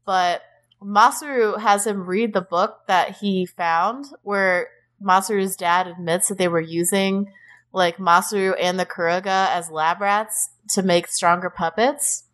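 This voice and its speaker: A young adult woman co-hosting a podcast, recapping casually with lots of "like", sarcastic asides and swearing. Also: medium pitch. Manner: animated, frequent "like", sarcastic swearing. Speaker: podcast co-host.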